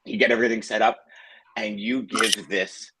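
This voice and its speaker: A man co-hosting a casual morning show over a video call, animated and laughing as he rambles through stories. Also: fairly low pitch, normal speed, noisy background. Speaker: co-host.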